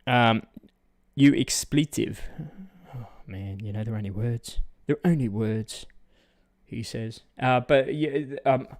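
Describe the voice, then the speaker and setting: A middle-aged Australian man talking on his vlog, ranting bluntly and casually about how people react to words. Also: a little slow. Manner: blunt, ranting, mocks others in high put-on voices. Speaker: vlogger. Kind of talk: casual opinion rant.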